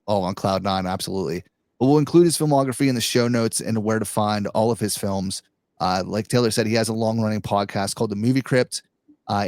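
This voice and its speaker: A man's voice: on the low side, darkish tone, dry recording, clean studio sound. A man hosting a podcast, laid-back and agreeable, wrapping up the show. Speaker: podcast host. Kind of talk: casual chat and show sign-off.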